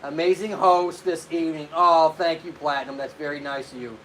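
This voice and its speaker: A chatty man hosts a casual live stream as a physical therapist. His voice sits a little high and sounds bright and forceful, and he greets viewers by name as he goes. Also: fairly even intonation, fairly quick, a little hiss or hum.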